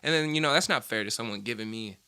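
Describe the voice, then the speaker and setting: A man's voice: mid-range voice, fast, creaky, bright, forceful tone, clear, resonant tone. A young man telling stories from his past in a rambling, profane, casual chat, laughing often. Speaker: vlogger.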